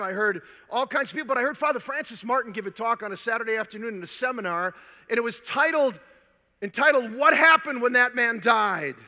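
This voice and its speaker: An older man from Minnesota giving a conference talk, telling a personal story in an animated, humorous way before a large audience. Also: very high-pitched. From Minnesota, USA. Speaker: conference speaker. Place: large hall. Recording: long hall reverb.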